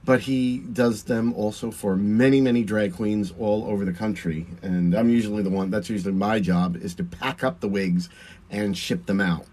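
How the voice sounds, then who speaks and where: A man's voice: on the low side, fairly even intonation, moderate pace, mellow. A man with a Long Island accent, a drag performer chatting through a livestream while doing his makeup, answering viewer comments and laughing often.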